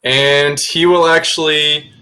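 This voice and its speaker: A man playing a tabletop game, relaxed, narrating his character in third person. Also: on the high side, takes it slowly, smooth, poor audio. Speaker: player.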